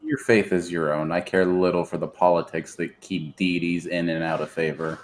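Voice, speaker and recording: A man in a casual tabletop role-play over voice chat, speaking calmly and drily in character. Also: low voice, moderate pace. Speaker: player.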